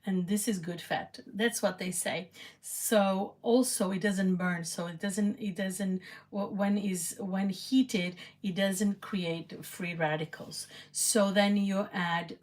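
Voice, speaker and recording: A woman with a Portuguese accent chatting excitedly and rambling as she cooks on camera. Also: medium pitch, takes it slowly. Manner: excitable, rambling, with frequent restarts. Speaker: cooking vlogger. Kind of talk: casual cooking chat to camera.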